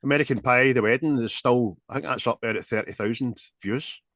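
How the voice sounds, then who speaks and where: A man with a Glaswegian accent hosting a podcast, chatting casually and swearing freely in lively banter. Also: mid-range voice, fairly quick, no echo, clean studio sound. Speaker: podcast host. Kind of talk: casual chat.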